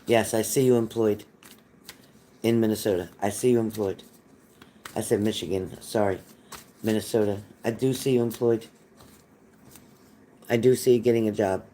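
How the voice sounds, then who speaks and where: Calling his viewers honey and repeating phrases, a psychic reader hosts a live-stream reading in a reassuring, folksy way. His lowish, mellow voice stays fairly even in intonation, at normal speed with long pauses.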